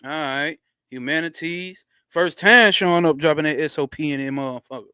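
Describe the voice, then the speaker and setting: A man hosting a casual livestream from home into a close mic, using loose, slangy street talk and a lot of swearing. He greets viewers by name and gets excited fast. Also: clear, resonant tone, no room sound. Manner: swearing, excitable, jumps up in pitch when hyped. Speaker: livestream host.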